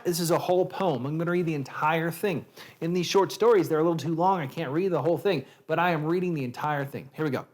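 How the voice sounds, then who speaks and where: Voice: mid-range voice, fast, darkish tone. A host with a Southern accent chatting casually and reading aloud to viewers, rambling and easily sidetracked. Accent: American Southern. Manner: sips bourbon between readings. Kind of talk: casual chat and poetry reading.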